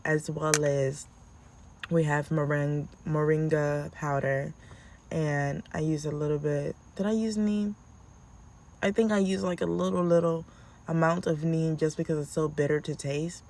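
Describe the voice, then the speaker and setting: A woman telling casual, animated stories as a podcast host, acting out how she scolds her kids. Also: sits low. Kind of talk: casual storytelling.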